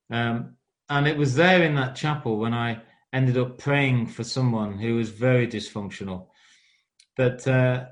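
An older Englishman with a mid-range voice tells his life story as an interview guest. He speaks earnestly, pausing on fillers and restarting sentences as he goes. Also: mid-range voice. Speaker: interviewee, priest.

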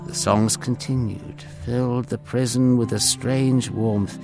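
A man narrating a children's Bible story in an expressive way, sometimes speaking to the listener directly. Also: medium pitch, measured pace, gravelly. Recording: dry close mic with faint music.

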